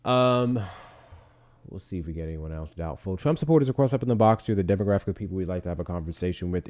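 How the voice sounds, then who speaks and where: A man hosting a heated livestream debate with a fairly low voice. He sounds exasperated and sarcastic and swears freely. He is streaming from a home setup. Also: a little mellow.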